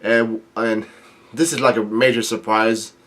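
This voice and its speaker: A man casually reading through and recapping a manga chapter, halting with frequent ums and restarts. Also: lowish voice, steady tone, a bit bright.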